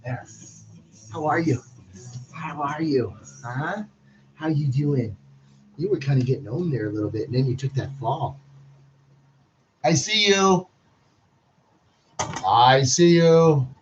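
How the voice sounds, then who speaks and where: A man's voice: medium pitch, moderate pace, long pauses, muffled recording, background noise. A man at home talking to his kittens in a playful, teasing, coaxing way. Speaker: pet owner.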